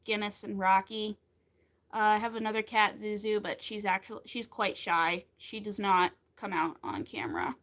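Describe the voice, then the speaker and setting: A woman's medium-pitched, fairly bright voice moves at a moderate pace as she chats with live-stream viewers. She's in her thirties, crocheting and keeping the talk casual and upbeat between stitches.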